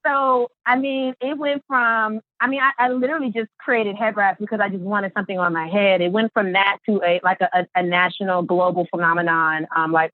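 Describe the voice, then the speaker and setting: A woman guest on a podcast, telling her story in an animated way and acting out the quotes. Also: mid-range voice, a little fast, hardly any pauses, no room sound. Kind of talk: storytelling interview. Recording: tinny phone-line sound.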